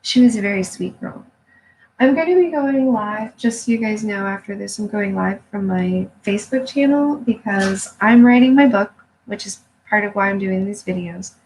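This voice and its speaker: A woman chatting on a live home video, telling personal stories and giving pep talks. She talks in a blunt, profane, animated way and laughs often. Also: fairly high pitch, rough recording. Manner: emphatic pep-talk delivery. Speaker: vlogger. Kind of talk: casual live-stream storytelling. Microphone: phone or webcam for a live video.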